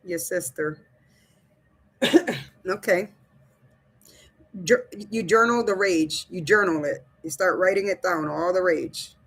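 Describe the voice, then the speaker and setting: A woman's voice: fairly low pitch, slow pace, pauses often, fairly bright tone. A woman hosting a casual livestream, reading viewer comments aloud and talking straight to her chat in a blunt, loose way, swearing and laughing as she goes. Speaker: livestream host.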